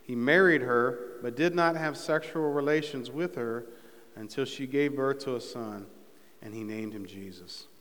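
A man's voice: mid-range voice, unhurried, fairly bright tone. A man preaching a sermon as pastor, talking casually with fillers and building to fervent emphasis. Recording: long reverb in a church hall.

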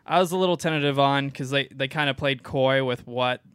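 Young male podcast host, bright voice, dry close mic, laid-back rambling delivery. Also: medium pitch, fairly quick, clear, resonant tone, no echo. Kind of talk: casual chat about comics.

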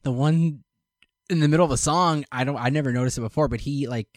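A man in his thirties hosting a podcast in casual chat, rambling and animated, often restarting his sentences. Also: medium pitch, fast, no echo, studio quality. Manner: rambling, animated, self-correcting. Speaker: podcast host.

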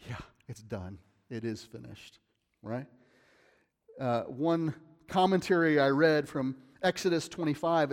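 Higher-pitched male pastor preaching in a hall. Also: a little mellow. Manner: conversational preaching, rising to emphatic bursts. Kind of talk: sermon.

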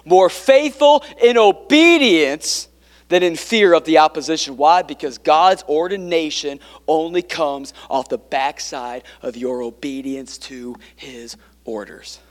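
A man with a high voice preaches a sermon. His delivery moves from hushed, intimate passages to emphatic ones, broken up by joking asides to the congregation. The voice carries a long reverb from a large hall. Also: measured pace. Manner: dynamic preaching, swinging from quiet to emphatic. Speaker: pastor.

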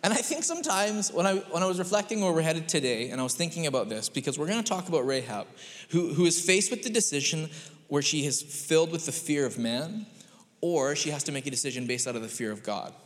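A man, preaching a sermon and telling a lively family story with acted-out quotes. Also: fairly high pitch, fast talker. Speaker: pastor. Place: church sanctuary. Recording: long hall reverb in a church.

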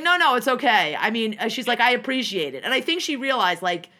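A young woman from New Jersey telling a rambling, animated story in casual chat, swearing freely and acting out what people said, with many restarts. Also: on the high side, fast talker, few pauses.

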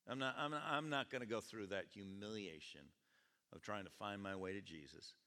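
A man preacher voicing an imagined blind male beggar, speaking in quiet, resigned tones inside a reverberant hall. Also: fairly low pitch, normal speed, pitched below the performer's own voice.

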